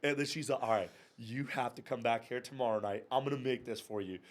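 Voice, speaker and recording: An animated man in his thirties spins anecdotes as a podcast guest. He swears freely and laughs through his own story, speaking in a casual, unpolished way. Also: mid-range voice, fast talker. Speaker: podcast guest, whiskey club and bar owner.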